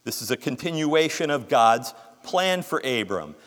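A man's voice: medium pitch, big pitch swings, measured pace, fairly bright tone, long reverb tail. A man preaching a sermon, reading scripture aloud with emphasis and explaining it earnestly.

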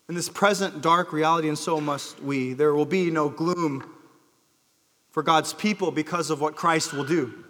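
A man preaching a sermon as pastor, earnest, rising to emphatic calls and dropping low again. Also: a bit bright, in a large hall. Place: church sanctuary.

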